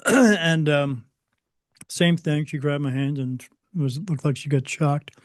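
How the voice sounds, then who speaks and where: A man's voice: a little high, slow pace, no echo, clean studio sound. A man, an interview guest, recounting personal spiritual experiences in a hesitant way, with many fillers and restarts.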